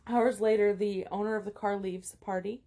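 A woman's voice: mid-range voice, fairly even intonation, warm tone. A woman co-hosting a podcast, retelling a story in casual chat with a blunt, crude manner. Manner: blunt, crude and quick to react. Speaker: podcast co-host.

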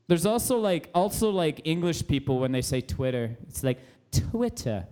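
Male podcast host, high and animated, rambly and chatty. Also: normal speed, smooth. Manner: rambling, full of "like" fillers. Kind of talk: casual podcast chat.

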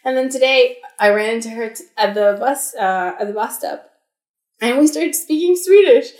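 A woman's voice: fairly high pitch, moderate pace, darkish tone. Chatty young woman storyteller, echoey room. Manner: chatty storytelling with fillers and restarts. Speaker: podcast co-host. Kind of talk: casual chat.

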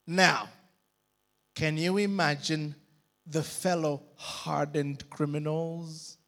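A man's voice: on the high side, fairly even intonation, takes it slowly, creaky, a bit bright. A man preaching a sermon, dramatic and calling on the congregation to repeat after him. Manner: dramatic, calls for congregation response.

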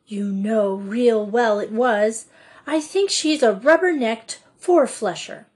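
A woman's voice: on the high side, slow. A woman reading an audiobook, voicing a brash American schoolgirl who grumbles in slang. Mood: grumbling. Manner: cheeky, slangy complaining.

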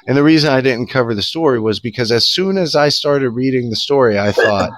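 A man's voice: mid-range voice, normal speed. A man co-hosting a casual podcast, ranting sarcastically and swearing freely. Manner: profane, sarcastic, animated ranting with laughs. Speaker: podcast co-host. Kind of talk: casual political podcast rant.

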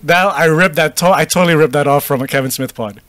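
A man's voice: on the high side, fast, a bit bright, dry recording. A young man, co-hosting a podcast in loose, sweary, jokey chat. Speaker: podcast co-host. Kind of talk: casual chat.

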